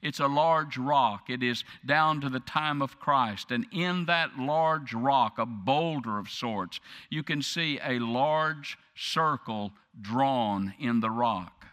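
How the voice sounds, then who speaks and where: A man preaching a sermon, speaking slowly and dramatically and building to impassioned peaks. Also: mid-range voice, a bit bright, in a large hall. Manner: slow, dramatic preaching that swells to impassioned crescendos.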